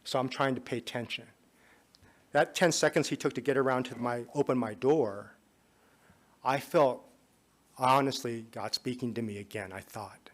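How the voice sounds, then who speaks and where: A man speaking at a conference, telling a personal story in a relaxed, conversational way. His voice sits at an ordinary middle pitch. Now and then it drops to a quiet, confiding tone. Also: normal speed, pauses often. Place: conference hall.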